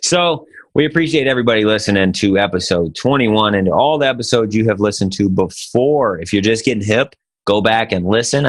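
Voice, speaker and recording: A man hosting a podcast with his buddy, his voice sitting low. He talks casually and tells a joke in a loose, laid-back way. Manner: joking, laid-back storyteller. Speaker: podcast co-host.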